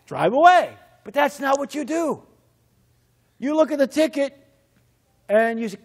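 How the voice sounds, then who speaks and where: High-voiced male pastor preaching. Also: normal speed, pauses often. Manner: acts out quoted characters in lively storytelling; earnest, pleading invitation to pray. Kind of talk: sermon.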